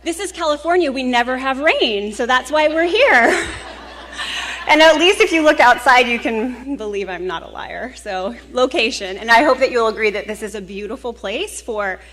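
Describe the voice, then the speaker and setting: A woman with a fairly high voice opens a professional conference with an earnest, heartfelt welcome. She speaks to a live audience in a conference hall and grows emotional now and then, with small laughs. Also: expressive, normal speed, a bit bright. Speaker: conference host.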